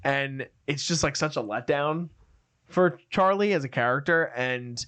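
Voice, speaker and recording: A man co-hosting a film review podcast, talking casually and acting out movie scenes with quick quoted voices. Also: fairly high pitch, fairly bright tone, clear, resonant tone. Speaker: podcast co-host.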